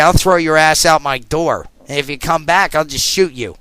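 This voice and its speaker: A man's voice: on the high side, moderate pace, few pauses, sharp tone, clear, resonant tone, no echo, poor audio. A man hosting his own talk radio show, delivering an angry, confrontational political rant.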